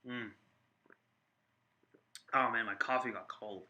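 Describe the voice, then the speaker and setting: A man chatting casually on a live stream, rambling with many fillers and restarts and getting excited. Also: lowish voice, slow pace, muffled recording, very noisy. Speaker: wrestling vlogger reacting to viewer comments.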